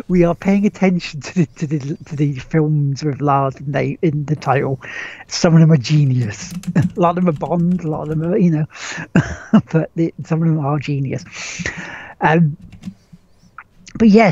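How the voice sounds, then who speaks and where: A man talks loosely about his week of gaming, restarting sentences and swearing offhandedly. His voice has a husky, breathy edge. The recording is muffled and lo-fi, with a dry, close sound. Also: on the high side, a little mellow, no room sound. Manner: rambling, swears casually, frequent restarts and chuckles. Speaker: podcast host. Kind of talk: casual gaming chat.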